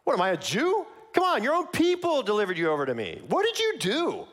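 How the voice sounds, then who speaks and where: A man's voice: very high-pitched, huge pitch swings, a little fast, fairly bright tone, pitched above the performer's own voice, exaggerated voice. A man voicing a scornful male Roman governor who fires off indignant, sneering questions.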